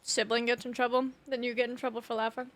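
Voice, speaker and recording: A young woman streams a game live on a close mic, chatting casually, laughing often, swearing freely, and filling her talk with "like." She speaks fast in a fairly high, level, fairly bright voice.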